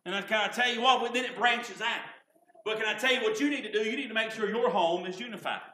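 Man, preacher, high bright voice, folksy sermon, echoey sanctuary. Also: fast talker, a little hiss or hum. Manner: folksy, repeats "can I tell you what". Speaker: pastor. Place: church sanctuary. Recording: echoey church room.

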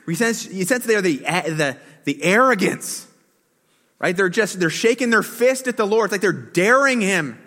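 A man's voice: high voice, animated, moderate pace, sharp tone. A man preaching a sermon, talking casually with the congregation and asking them questions, and sometimes acting out a whining complaint in a raised voice. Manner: conversational, asks the congregation questions; acts out quoted whining with a raised voice. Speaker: pastor. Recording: long hall reverb.

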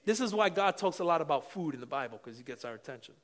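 A middle-aged man preaching a sermon with passion, dropping to quiet asides and then rising to shouts. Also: on the high side, animated, quick pace, few pauses. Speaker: pastor.

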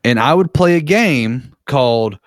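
A man tells a story in a loose, rambling way, swearing freely and leaning on filler words. His voice is mid-pitched and recorded dry and close. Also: lively intonation, unhurried, no echo. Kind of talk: casual storytelling.

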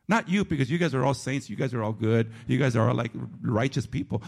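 A church pastor delivers a sermon in an animated, self-mocking way, swinging from loud emphasis to low asides. His voice is gravelly, and he talks fast with few pauses.

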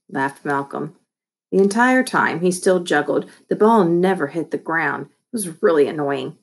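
A woman reading a children's novel aloud with lively, expressive storytelling. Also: low-pitched, normal speed, breathy edge. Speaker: audiobook reader.

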